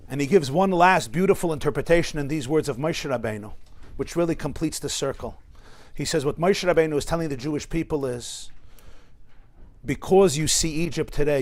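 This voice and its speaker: In a study hall, a rabbi with a somewhat high male voice teaches a lecture-style class. He tells stories sprinkled with asides to his listeners, building up to emphatic, impassioned peaks.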